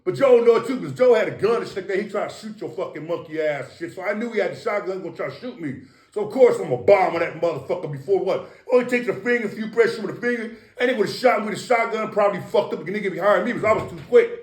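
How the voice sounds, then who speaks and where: A man's voice: high voice, quick pace. Boastful, profane man in an echoey room. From East Los Angeles, USA. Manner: profane, boastful, animated with sound effects. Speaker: interview guest. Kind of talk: casual storytelling. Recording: roomy echo.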